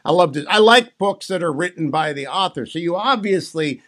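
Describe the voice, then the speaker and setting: A man's voice: a little high, expressive, normal speed, a bit bright. A man hosting a radio talk show, interviewing a guest in a chatty, playful way.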